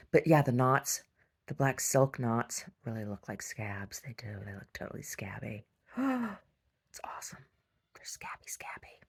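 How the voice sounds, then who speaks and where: Woman rambling in a video diary, deep voice, bit of fry, chatty and fond. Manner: chatty and affectionate, with many restarts and soft whispered asides. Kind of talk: casual chat.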